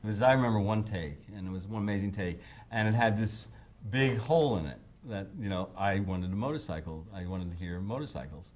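Guy in his 50s spinning studio stories, jumps into high voices for quotes, laughs a lot. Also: brisk. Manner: animated storyteller, acts out quotes in raised voices, laughs often. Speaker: songwriter interviewee. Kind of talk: anecdotal interview storytelling.

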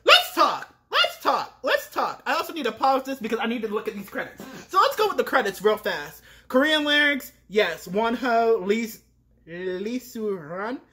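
Flustered young woman reacting, bright voice. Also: a little high, expressive, normal speed. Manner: dramatic, exclaiming, flustered. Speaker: reaction video host. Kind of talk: music video reaction. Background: music video playing.

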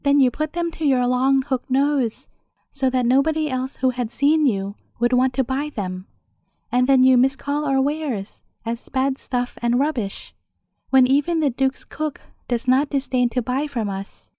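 A woman's voice: high voice, measured pace, warm tone, no echo, clean studio sound. A woman voicing a bold little market boy. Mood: indignant. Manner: calling out wares, outspoken. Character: spirited young boy, bold market seller.

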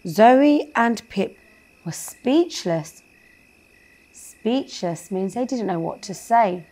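A woman reads a children's bedtime story at a slow, unhurried pace. She speaks gently and often stops to ask her young listeners questions. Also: medium pitch. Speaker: storyteller for a kids show.

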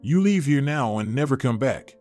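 A man's voice: medium pitch, expressive, moderate pace, dark tone, faint music behind, natural voice. A man voicing a greedy young woman who is cold and mocking toward her sister, read in a plain storybook manner. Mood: scornful.

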